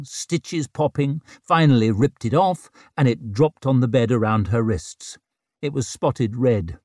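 Male audiobook narrator, animated delivery, dry studio sound. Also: mid-range voice, no room sound. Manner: expressive storytelling. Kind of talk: scripted narration.

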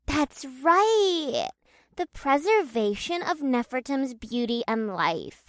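A feisty young woman presses her argument with sharp confidence, voiced by a woman. Her voice sits high and bounces widely in pitch. The recording is close and dry. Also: big pitch swings, slow pace, no echo, exaggerated voice. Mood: impassioned. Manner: assertive, sharp.

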